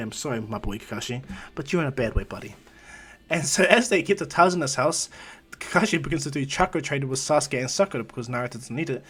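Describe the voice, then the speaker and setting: A man casually retelling a fan-made story in a rambling, animated way, full of fillers. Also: a little high, slightly rough. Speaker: storyteller, channel host.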